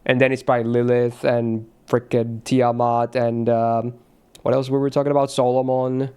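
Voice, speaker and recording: A young man streaming a game, chatting casually in a rambling, excitable way and swearing freely. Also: medium pitch, normal speed, clear, resonant tone.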